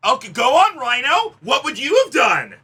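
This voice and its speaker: A high, very bright male voice that swings wildly as he teases his friend. He sounds raspy, and game music plays behind. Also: normal speed. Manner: excitable, teasing. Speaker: co-player. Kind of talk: casual gaming chat. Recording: music in background.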